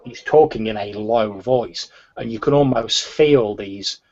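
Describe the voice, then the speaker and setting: A man's voice: fairly low pitch, a little slow, a little mellow, lo-fi sound. A man narrating a tabletop role-playing game as game master, with frequent restarts. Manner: hesitant, many restarts.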